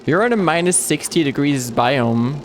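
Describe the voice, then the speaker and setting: A man's voice: on the high side, expressive, faint music behind. A man streaming a game live, chatting casually and rambling with many restarts and fillers. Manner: rambling, halting with frequent restarts.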